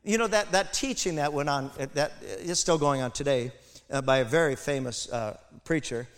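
Male pastor, fairly high voice, impassioned sermon delivery, long church-hall reverb. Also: moderate pace. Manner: impassioned, builds to loud emphatic peaks, asides to congregation.

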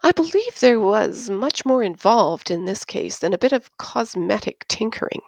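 A woman reading aloud and voicing Erno, a smooth male pilot who sounds dry and patronizing. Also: lowish voice, lively intonation, moderate pace, no room sound.

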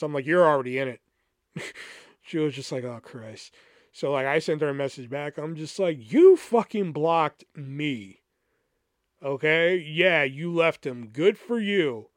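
A man's voice: medium pitch, no room sound, studio quality. A man hosting a podcast, telling a personal story in a casual, rambling, profane way and acting out what others said. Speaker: podcast host.

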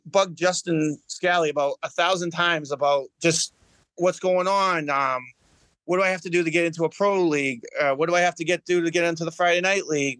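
A bowling champion joins a casual podcast as a guest, his high, slightly bright voice recorded with no room sound. He tells his story earnestly but keeps restarting and repeating words.

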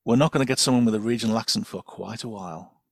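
Animated man chatting as a podcast guest. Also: lowish voice, fast talker, creaky, dry recording, studio quality. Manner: animated, digressive, many fillers and restarts. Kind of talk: casual chat.

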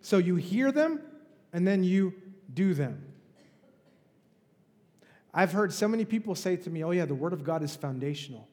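A man's voice: sits high, moderate pace, long pauses, dark tone, big-room sound. A male pastor preaching a sermon in a conversational, emphatic way, with rhetorical questions. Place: church.

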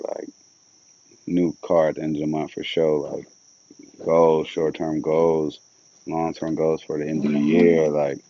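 A man's voice: very deep voice, dark tone, no room sound, highs cut off. A young man hosting a solo podcast, rambling casually with loads of slang and swearing. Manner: loose, rambling and upbeat, with lots of slang and swearing.

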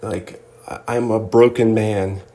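Man, from Southern California, host, casual video chat, playful, jokey, slow-paced. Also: lowish voice, steady tone, mellow. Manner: playful, jokey and laid-back.

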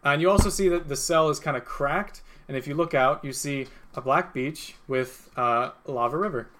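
A man's voice: on the high side, normal speed, fairly bright tone. A young man narrating as game master, rambling with many fillers and chuckling as he goes.

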